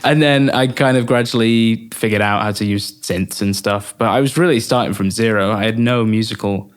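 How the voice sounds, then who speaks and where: A young man from England, a music producer chatting as a guest in a casual interview, relaxed and full of fillers and laughs. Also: lowish voice, moderate pace, smooth.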